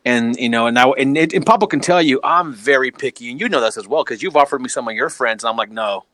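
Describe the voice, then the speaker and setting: A man's voice: medium pitch, fast talker. A man, a wrestling promoter, telling backstage stories in casual chat, laughing and acting out what people said. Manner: animated, laughing, acts out quotes.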